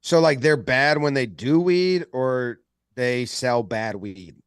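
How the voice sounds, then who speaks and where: A man's voice: medium pitch, slow pace, clean tone, no room sound. Joking man on a dry mic. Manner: joking, lively, plays with silly accents. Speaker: podcast co-host. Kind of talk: casual sports podcast banter.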